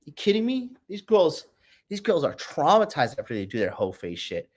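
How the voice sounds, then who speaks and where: This livestream dating show host has a mid-range voice with big pitch swings and a moderate pace. He reads the chat in a brash, profane, mocking manner and refers to the audience as "bro."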